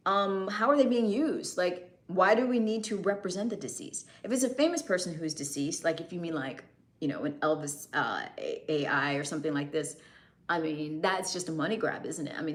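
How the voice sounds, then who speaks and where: A woman's voice: sits low, fairly bright tone. A woman host answering viewer questions in a casual, thoughtful chat, musing aloud with plenty of fillers.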